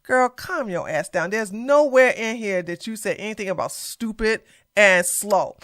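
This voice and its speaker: A woman's voice: mid-range voice, expressive, a little slow, fairly bright tone. A woman giving casual reaction commentary, blunt, sassy and emphatic in how she talks.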